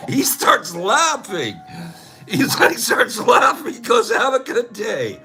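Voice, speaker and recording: An older man runs a relaxed live-stream chat with faint music in the background. His voice is high and unhurried, and he tells stories, laughing a lot and acting out the people he quotes.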